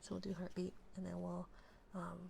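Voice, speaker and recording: A woman streamer giving a whispered ASMR livestream chat, softly whispering and giggling. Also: fairly low pitch, monotone, creaky, slight background noise. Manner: soft whispering, slow and drawn out, often giggling. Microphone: binaural dummy-head microphone.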